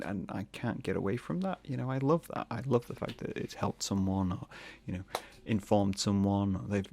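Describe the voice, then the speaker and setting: A man hosting a solo podcast, rambling and joking, often slipping into quick put-on voices. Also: mid-range voice, creaky, darkish tone, slightly rough. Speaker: podcast host.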